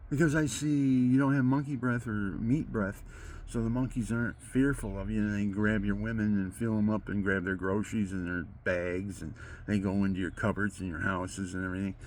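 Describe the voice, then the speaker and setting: An older man delivering a rambling, preachy monologue. He swings between hushed murmurs and loud outbursts. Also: fairly low pitch, steady tone, brisk, a little hiss or hum. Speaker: amateur guitarist and video maker.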